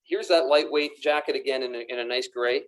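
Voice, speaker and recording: A man's voice: mid-range voice, fairly even intonation, brisk. A man presenting golf apparel on camera in a pro shop, enthusiastic and chatty, often repeating his words as he goes. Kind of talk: casual product demonstration to camera. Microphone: camera mic, moves around the room.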